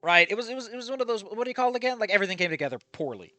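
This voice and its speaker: Nasal-voiced man with lively, ranting delivery. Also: high voice, rapid-fire, no echo. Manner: rambling, profane, opinionated. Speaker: fanfic reader and commentator. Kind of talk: reading fanfic aloud with commentary. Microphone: headset.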